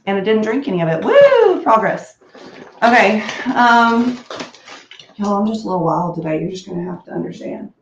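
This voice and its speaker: A woman's voice: medium pitch, normal speed, long pauses, echoey room, muffled recording, slight background noise. A woman chatting casually while getting ready at home, bubbly and rambling, laughing often and prone to coughing fits. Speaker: beauty vlogger. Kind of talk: casual chat.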